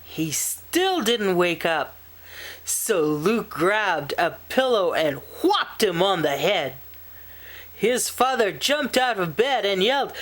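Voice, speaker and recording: A woman reading a children's picture book aloud in a slow, expressive storytelling manner. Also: lowish voice. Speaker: storybook reader.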